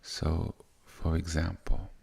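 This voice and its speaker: Slow, deep gravelly male teacher. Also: level tone. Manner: soft, unhurried, meandering with restarts. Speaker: spiritual teacher. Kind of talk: gentle spiritual teaching.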